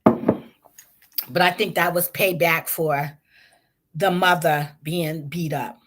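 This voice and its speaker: Woman vlog host, unhurried, blunt and slangy celebrity commentary. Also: low voice, fairly even intonation.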